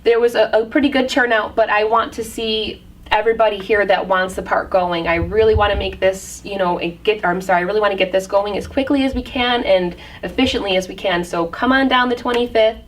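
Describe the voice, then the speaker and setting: A woman's voice: mid-range voice, brisk. A woman being interviewed as a community project organizer, speaking earnestly and casually with lots of ums. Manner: earnest, filler-heavy, with frequent ums. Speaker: guest, dog park organizer. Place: community hub building, indoors. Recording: distant mic, faint room noise.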